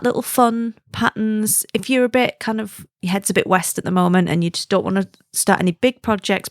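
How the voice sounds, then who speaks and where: A woman's voice: on the high side, dry recording, clean studio sound. A woman hosting a casual podcast, chatty and giggling at her own jokes. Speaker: podcast host.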